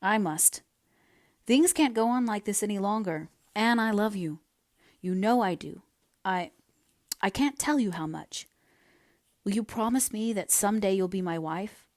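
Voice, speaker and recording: A woman voicing an earnest young man in love, speaking quietly and steadily. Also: sits high, expressive, measured pace, pauses often, no echo, clean studio sound. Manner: quiet, earnest, then bitter.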